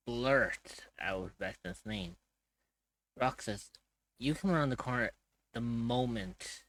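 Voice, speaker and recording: A man's voice: on the low side, fairly bright tone, rough recording. A man narrating a tabletop game as its game master, with hesitant fillers.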